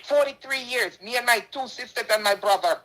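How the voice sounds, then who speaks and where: A woman's voice: fairly high pitch, fairly quick, a bit bright, rough recording. A middle-aged Jamaican woman making an impassioned personal statement, indignant and emphatic, repeating her points. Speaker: charity donor responding to a dispute.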